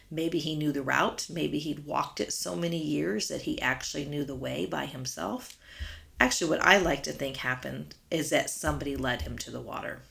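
Low, gravelly-voiced woman teaching. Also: a bit bright. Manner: earnest, asks rhetorical questions. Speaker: guest speaker. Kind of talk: devotional Bible teaching.

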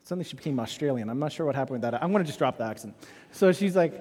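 A man's voice: a little high, rapid-fire. A man preaching a sermon as pastor, telling stories and acting out the dialogue in them. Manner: animated storytelling, acts out dialogue. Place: church auditorium. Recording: long hall reverb.

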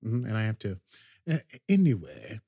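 A man's voice: fairly low pitch, wildly swooping pitch, normal speed, creaky, warm tone, slightly rough, no room sound. Man rambling through a recap, dry. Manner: rambling, hesitant, many ums and restarts. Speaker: podcast host. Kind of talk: casual episode recap.

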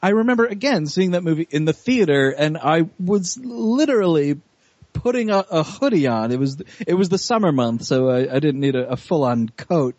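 A man's voice: a little high, no room sound, dull audio. A man co-hosting a movie podcast in casual banter, joking and slipping into silly character voices. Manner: animated, jokey, slips into silly character voices. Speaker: podcast co-host.

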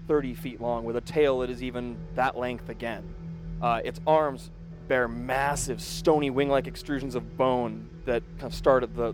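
Guy dm describing monsters in detail, middle-pitched voice, music playing behind. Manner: vivid descriptive narration. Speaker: game master. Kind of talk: narrating a tabletop game. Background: background music.

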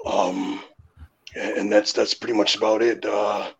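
A man doing a rough comic impression of a gruff, grudge-holding retired male wrestler, rambling and halting with many fillers. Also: lowish voice, level tone, a little hiss or hum.

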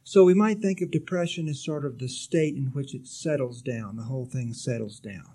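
A man giving a sermon as a spiritual teacher, gently exhorting his listeners with light touches of humor. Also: medium pitch, normal speed.

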